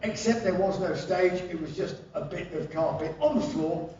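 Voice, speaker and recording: A man's voice: high-pitched, normal speed, a little hiss or hum. A man telling profane, laugh-filled stories on a live stage. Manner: animated, profane, laughing often. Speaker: stage storyteller. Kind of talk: live spoken-word storytelling. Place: live concert venue. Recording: distant echoey live hall, dull.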